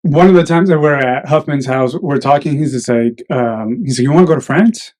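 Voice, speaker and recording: A man's voice: mid-range voice, brisk, darkish tone, poor audio. A man chatting casually on a podcast, animatedly telling stories and mimicking voices.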